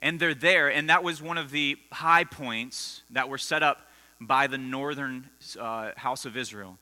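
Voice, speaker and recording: A man's voice: medium pitch, measured pace, sharp tone. A man preaching a conversational sermon to students, telling stories and quizzing the audience. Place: school assembly hall. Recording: long hall reverb with mains hum.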